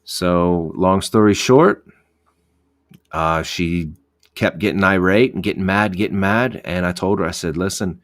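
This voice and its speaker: Deep-voiced cop rambling. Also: male voice, measured pace. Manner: rambling, profane, many restarts. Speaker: police officer. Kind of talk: casual podcast storytelling.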